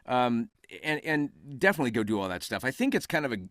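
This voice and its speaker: A man's voice: medium pitch, quick pace, no echo, studio quality. A man being interviewed as a voice actor on a casual podcast, telling stories and acting out quoted exchanges. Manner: animated storyteller who acts out quoted exchanges. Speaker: voice actor guest.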